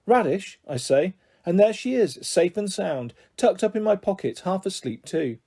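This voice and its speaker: Husky, gentle man reading a kids' novel. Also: sits high, moderate pace. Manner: gentle, expressive storytelling. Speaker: audiobook reader. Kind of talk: reading a children's novel aloud.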